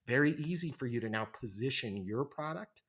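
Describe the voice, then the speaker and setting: A middle-aged man talks with a forceful, emphatic drive on a podcast interview. He coaches like a trainer, slipping into quick quoted voices to act out phone calls. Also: medium pitch, lively intonation. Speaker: leasing trainer, podcast guest. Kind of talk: energetic podcast interview talk.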